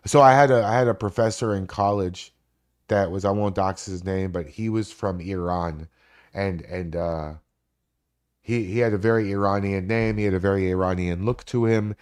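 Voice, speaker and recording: A man in his forties with a lowish voice chats on a live stream, swearing freely as he rambles. He jumps from one story to the next with animated, loose energy. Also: normal speed, clear, resonant tone. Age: 40s. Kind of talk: casual live-stream chat.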